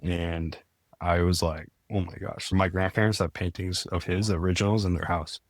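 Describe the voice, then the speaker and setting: A man's voice: deep voice, fairly even intonation, normal speed, dry recording, studio quality. A young man, a podcast guest, telling his story in a casual, earnest way, full of "like" and restarts. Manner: earnest, many "like" fillers and restarts.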